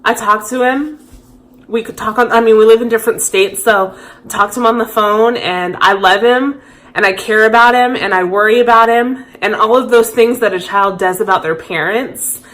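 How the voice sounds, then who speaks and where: A woman's voice: on the high side, normal speed, fairly bright tone. A woman in her thirties talking candidly and reflectively to camera in a personal vlog. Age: 30s. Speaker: vlogger.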